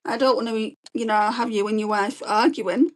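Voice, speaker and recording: A woman, chatting quickly and rambling as she does her makeup and reads viewer comments on a beauty livestream. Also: on the high side, steady tone. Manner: fast-talking, chatty, rambling. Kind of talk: casual chat while doing makeup and reading live comments.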